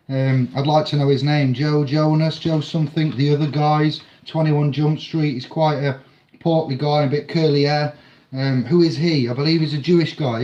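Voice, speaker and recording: A man casually recapping a film in a rambling, halting way, with many fillers and restarts. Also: on the high side, a little mellow. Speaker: film reviewer. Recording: dull lo-fi audio in an echoey room.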